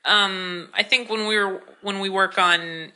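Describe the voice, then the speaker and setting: A woman co-hosting a podcast who talks in a loose, meandering way with frequent restarts. Her voice is extremely bright and forward. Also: mid-range voice, unhurried. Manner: relaxed, rambling, with restarts. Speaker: voice director and co-host. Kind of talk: casual podcast chat.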